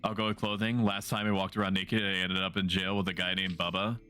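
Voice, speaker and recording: A man's voice: deep voice, level tone, a little fast, bright, forceful tone, clean tone, soft background music. A man livestreaming a video game, chatting casually with his viewers in a playful, rambling way and often poking fun at himself. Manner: playful, rambling, self-mocking jokes. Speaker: streamer. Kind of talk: casual gaming livestream chat.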